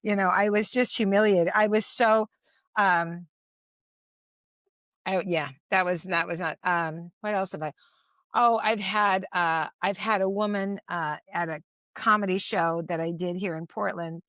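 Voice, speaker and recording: A woman's voice: lowish voice, steady tone, unhurried, fairly bright tone, no echo. A woman in her sixties, a stand-up comedian, telling stories as an interview guest, rambling with many restarts and fillers. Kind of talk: casual anecdotal storytelling.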